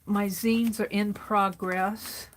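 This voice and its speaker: Woman host, unhurried and chatty, talking to herself and viewers at her craft desk; faint background noise. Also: mid-range voice, flat delivery. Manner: chatty, thinks aloud, greets viewers. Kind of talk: casual chat while sorting craft supplies.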